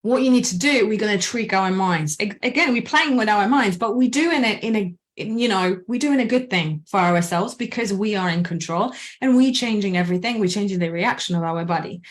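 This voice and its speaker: A woman coaching on anxiety in a casual, animated talk, slowing down to count breaths and acting out anxious and calm inner voices. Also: medium pitch. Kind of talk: casual guided presentation.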